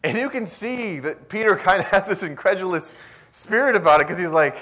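A young man preaching a sermon in a lively, conversational way, sometimes dropping to a whisper. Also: high voice, fairly quick. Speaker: pastor.

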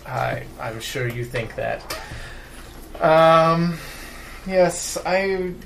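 A man's voice: on the high side, lively intonation, very slow, creaky, background noise. A man playing a tabletop game, introducing his character with hesitant fillers and dry jokes. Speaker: player.

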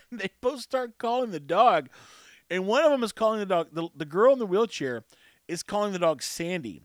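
A man's voice: high-pitched, animated, moderate pace, no echo. A man hosting a show, telling a rambling story in a wry, self-mocking way into a close mic. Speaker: show host. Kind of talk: casual storytelling monologue.

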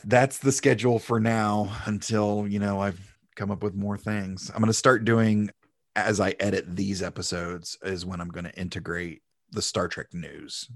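A man's voice: fairly low pitch, steady tone, moderate pace, dry recording, studio quality. Laughing, chatty male podcast host. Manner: laughs often, upbeat and chatty. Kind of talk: casual podcast chat.

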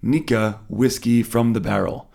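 A man's voice: mid-range voice, fairly even intonation, measured pace, vocal fry, darkish tone. An American man co-hosting a podcast in casual chat, easygoing and slangy. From United States. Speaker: podcast co-host.

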